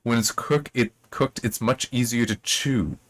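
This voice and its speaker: A man reading a deadpan joking officer. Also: mid-range voice, measured pace, lightly acted. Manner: deadpan, mock-obsequious.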